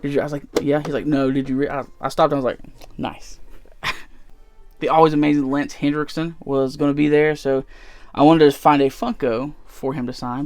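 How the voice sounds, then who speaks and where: A man's voice: fairly high pitch, dry recording. A man casually chatting through his convention haul in a rambling way, with lots of fillers. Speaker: vlogger showing convention haul. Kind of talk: casual chat.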